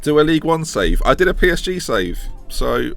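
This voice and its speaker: A young man with a hoarse voice from a chest infection, rambling and correcting himself as he streams a football management game and answers chat questions. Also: a little high, sing-song, normal speed, fairly bright tone, soft background music. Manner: chatty, rambling, restarts and self-corrections. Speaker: gaming streamer. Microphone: desk microphone.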